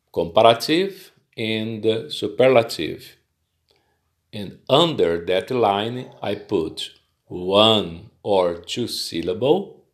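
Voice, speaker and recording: A man, not an English speaker, slowly explaining a grammar rule, halting and careful with many fillers. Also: lowish voice. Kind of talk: slow spoken grammar lesson.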